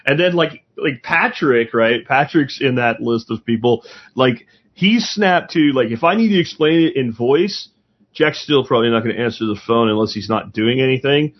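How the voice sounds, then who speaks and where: A man's voice: medium pitch, normal speed, dull audio. A man talking in a blunt, rambling, profane way in a casual podcast chat.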